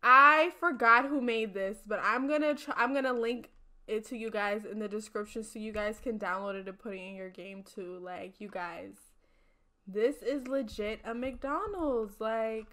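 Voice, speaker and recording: A woman's voice: a little high, unhurried, sharp tone. A young woman casually narrating a life-sim game to her viewers, chatty, slangy and freely cursing, over a desk mic. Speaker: gaming streamer. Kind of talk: casual let's-play commentary. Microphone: desk mic, no face cam. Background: faint game music.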